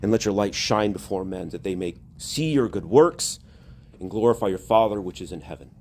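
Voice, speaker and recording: A man's voice: on the low side, brisk, a little mellow, a little hiss or hum. A male priest preaching a sermon, earnest and rising to emphatic exhortation.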